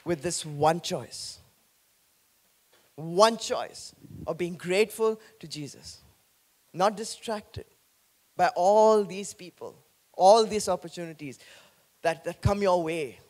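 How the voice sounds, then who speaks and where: A man pastor preaching an animated sermon, joking with the congregation. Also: high-pitched, slow, long pauses.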